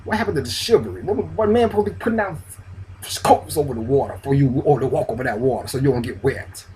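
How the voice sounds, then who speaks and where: A man's voice: mid-range voice, lively intonation, fast talker, mellow, slight background noise. Profane scolding man ranting spiritually. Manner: scolding, profane, street slang, repetitive. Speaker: spiritual video host. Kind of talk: preachy spiritual rant to camera.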